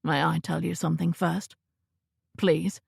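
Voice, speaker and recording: A woman's voice: low-pitched, flat delivery, a little slow, gravelly, a little mellow, breathy edge, dry recording, studio quality, full character voice. A woman voicing an ardent Regency earl. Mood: earnest. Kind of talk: audiobook character voice.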